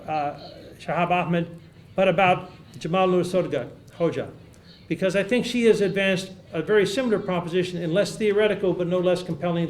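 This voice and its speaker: Man lecturing in an echoey hall. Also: high voice. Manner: measured, reads quotes aloud, repeats key phrases. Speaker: academic speaker. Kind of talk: conference lecture.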